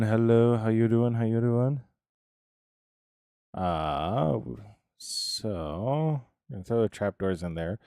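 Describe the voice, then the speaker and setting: A man's voice: low voice, darkish tone, dry recording, clean studio sound. An American man live-streaming a building game, chatting casually with viewers and rambling between tasks as he answers them by name. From United States.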